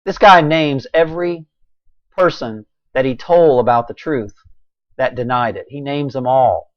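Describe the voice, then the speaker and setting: A man delivering a preachy, impassioned monologue, swinging between a raised voice and quiet intensity. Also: mid-range voice, measured pace, no echo, dull audio. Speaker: video blogger.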